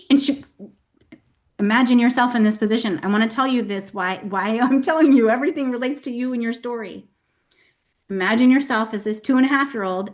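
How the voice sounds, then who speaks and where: A middle-aged woman hosting a motivational talk, earnest and emotional as she tells stories to her listeners. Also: medium pitch. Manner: earnest, emotional, animated storytelling. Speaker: host.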